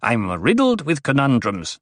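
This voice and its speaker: A man voicing a wry, riddling male dwarf jester in an audiobook, speaking in punning, singsong riddles at an unhurried pace. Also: mid-range voice, wildly swooping pitch, fairly bright tone, dry recording, clean studio sound, pitched above the performer's own voice. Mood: wheedling.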